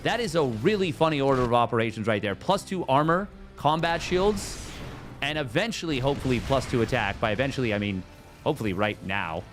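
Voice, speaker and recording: A man casting a strategy game tournament on his own, jokey and excitable, riffing between plays. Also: mid-range voice, a little fast, faint music behind. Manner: jokey, excitable, riffs and sing-songs. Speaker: esports caster. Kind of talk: solo game commentary.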